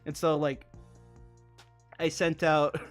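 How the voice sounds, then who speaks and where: A man's voice: a little high, flat delivery, slow, faint music behind. A young man streaming while he builds models, telling a long funny story in casual chat, laughing and swearing often.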